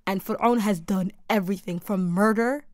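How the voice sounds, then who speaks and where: Young female podcast host, earnest and halting; dry studio voice. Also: medium pitch, darkish tone, dry recording. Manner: earnest, halting restarts, rising with emphasis. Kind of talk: casual faith-centered conversation. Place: dark studio.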